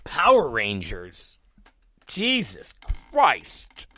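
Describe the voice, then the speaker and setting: A man hosting his own talk show, ranting and storytelling with heavy swearing, swinging between loud outbursts and muttered asides, often laughing. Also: medium pitch, wildly swooping pitch, extremely slow, no room sound. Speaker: podcast host. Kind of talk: profane comedic ranting.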